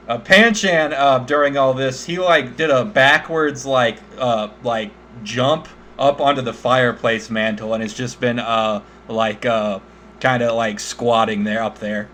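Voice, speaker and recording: A man's voice: medium pitch, slight background noise. Laid-back man narrating a game. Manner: relaxed, halting narration with fillers. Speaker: game master.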